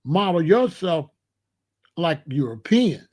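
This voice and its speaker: This commentary channel host is a middle-aged man from the United States with a fairly high, darkish voice. He's very animated but slow-paced, delivering a blunt, emphatic, casual monologue in which he keeps repeating himself.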